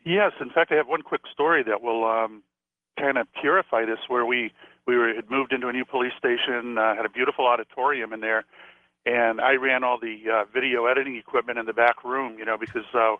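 A man's voice: mid-range voice, fairly even intonation, brisk, dry recording. Man, radio guest, chatty storyteller, phone-line sound, dry. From Florida. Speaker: psychic and former police officer, radio guest. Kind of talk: storytelling on a call-in radio show.

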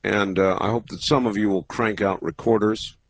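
A man with a low, husky voice hosts a late-night call-in radio show from a studio mic. He talks in a measured, halting way, pausing often as he takes calls. The sound is close and dry. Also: steady tone, no echo. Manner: measured, halting, with many pauses. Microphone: studio microphone.

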